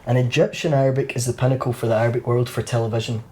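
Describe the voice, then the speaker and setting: A young Scottish man talking in a loose, casual chat, full of laughs and quick asides. His voice sits at an ordinary middle pitch, with a faint hum of noise behind him. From Scotland. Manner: animated, laughs often, slips into impressions. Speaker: comedian guest. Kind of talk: casual conversation.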